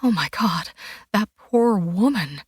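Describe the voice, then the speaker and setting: A woman reads a nervous, protective lady of the house, pitched higher and brisk. She stays guarded and on edge. The sound is dry and close. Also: animated, husky, no echo, heavily acted. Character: anxious older hostess, guarded and protective.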